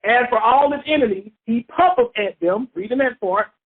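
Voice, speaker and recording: Heard through a phone on a phone-line radio call, this medium-pitched voice moves at a normal speed. The speaker is a Bible teacher guiding a call-and-response study, repeating points and asking the listeners questions.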